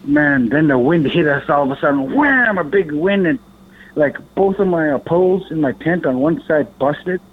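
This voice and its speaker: A man's voice: fairly high pitch, normal speed, slightly rough. A man from Alaska talks through a long, rambling story as a podcast guest, with a slightly raised voice. He swears freely and acts out the lines of the people in his tale. The sound is narrow and tinny, as if it is coming through a phone. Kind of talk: casual storytelling.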